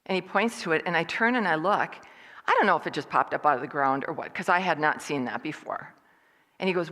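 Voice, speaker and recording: A woman speaking at a church service, telling a personal story in a lively way and acting out what other people said. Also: deep voice, a little fast, big-room sound. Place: church hall.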